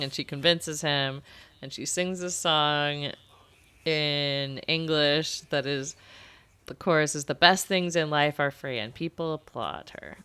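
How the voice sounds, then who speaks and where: A woman's voice: deep voice, slow, bright, forceful tone, clean tone. Chatty woman hosting a podcast. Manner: chatty, giggly, retells scenes. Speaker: podcast host. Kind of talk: casual recap chat.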